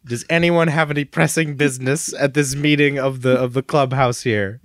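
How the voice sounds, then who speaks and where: A young adult podcast co-host bantering with siblings, cracking jokes and tossing off quick impressions. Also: mid-range voice, fairly even intonation. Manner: quick joking asides, slips into impressions.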